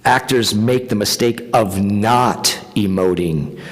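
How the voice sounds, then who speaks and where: Low-voiced man telling stories in a hall. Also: slow. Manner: animated anecdotes, casual swearing, laughs often. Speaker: actor guest at a fan panel. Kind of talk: convention Q&A storytelling. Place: convention panel hall. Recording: long reverb of a convention hall.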